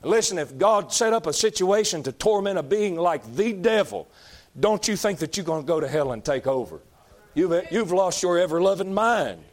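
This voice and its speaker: Fiery high-voiced preacher. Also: male voice, lively intonation, moderate pace. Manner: folksy, emphatic, shouting at peaks, repeats lines. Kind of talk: fiery sermon.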